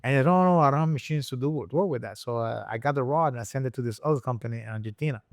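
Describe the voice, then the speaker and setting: A man from Rico, a guest and engine builder telling a story in a casual interview, acting out the people he quotes with sudden high voices. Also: racing, no room sound, studio quality. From Puerto Rico. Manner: animated storyteller who acts out quoted people with jumps in pitch.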